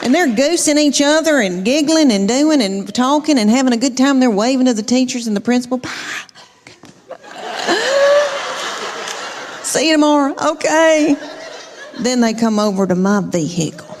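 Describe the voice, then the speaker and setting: A woman's voice: on the high side, a little fast, few pauses, background noise. A woman doing stand-up comedy, rambling through family anecdotes with frequent ums.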